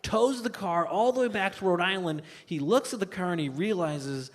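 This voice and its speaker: A man doing stand-up comedy, telling a family story with animated delivery and acting out relatives. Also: sits high, moderate pace. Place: live comedy stage. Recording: live stage with long reverb and faint noise.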